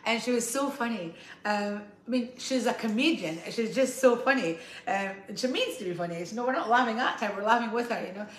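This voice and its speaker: A woman guest singer chatting quietly between songs, easing away from the mic at times. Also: fairly high pitch, a little fast, reverberant. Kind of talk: casual chat between songs. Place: home kitchen.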